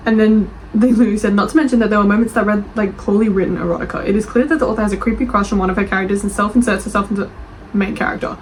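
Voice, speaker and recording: A young woman reading book reviews aloud and reacting with animated, defensive chat. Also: medium pitch, very fast, slight background noise, rough recording. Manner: animated, gushing, defensive, laughs often.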